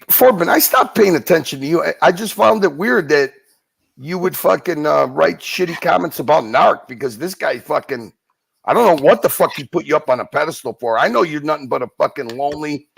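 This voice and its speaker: A man's voice: a little high, expressive, normal speed, gravelly, husky. A man co-hosting a livestream, rambling and swearing as he banters and laughs. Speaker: livestream co-host.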